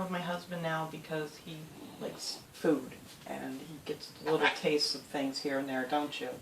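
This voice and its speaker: Low-ish middle-aged woman, chatty pet vlogger, baby-talks her birds; distant roomy home recording with noise. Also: steady tone, a little slow. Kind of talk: casual home video chat. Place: home with parrots in the room.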